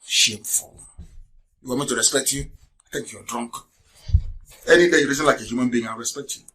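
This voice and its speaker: Impassioned high-voiced man ranting. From Nigeria. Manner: impassioned, rhetorical questions, bursts of shouting; scornful, mocking. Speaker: broadcast host. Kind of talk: live radio broadcast rant.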